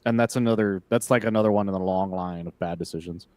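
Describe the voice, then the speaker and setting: A man talking casually on a podcast in a dry, close sound. He is animated and loose, swears freely and acts out bits of dialogue between laughs. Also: low-pitched, fast talker, no echo. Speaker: podcast co-host. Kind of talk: casual comic book discussion.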